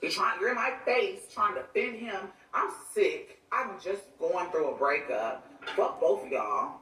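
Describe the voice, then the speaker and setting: A woman's voice: mid-range voice, lively intonation, measured pace, sharp tone. A woman ranting on a livestream, venting with irritation and breaking off now and then to talk to people beside her. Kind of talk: livestream rant. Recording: echoey room voice from a distance.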